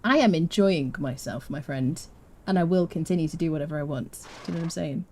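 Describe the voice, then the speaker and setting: A woman's voice: sits low, fairly quick, a little mellow. A woman streaming a survival game, chatting playfully with her viewers and laughing often. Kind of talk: live game commentary.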